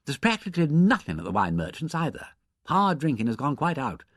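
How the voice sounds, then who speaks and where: A man's voice: a little high, big pitch swings, a little fast, a bit bright, no echo, clean studio sound, voice pushed up. A man voicing a flippant young aristocrat who teases lightly. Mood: teasing. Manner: flippant, teasing.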